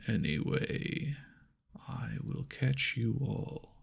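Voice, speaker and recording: A man hosting a whispered ASMR chat into an ears mic, soft and rambling, laughing at himself. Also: fairly low pitch, animated, very slow, creaky, husky. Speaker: ASMR channel host. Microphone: homemade binaural ears mic.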